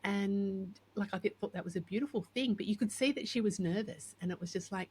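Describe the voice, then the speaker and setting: A woman's voice: mid-range voice, a little fast, hardly any pauses, slight background noise. A woman hosting a podcast, chatting casually and acting out the voices in her stories. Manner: animated, acts out quoted voices. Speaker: podcast host and coach. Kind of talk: casual chat with storytelling.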